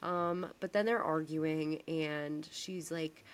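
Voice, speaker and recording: A young woman in casual chat, retelling scenes with lively quoted voices. Her voice sits a bit low for a woman. She talks with animated, chatty energy. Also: takes it slowly. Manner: animated storyteller, acts out quotes. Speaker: podcast co-host. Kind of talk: casual chat recapping a TV episode.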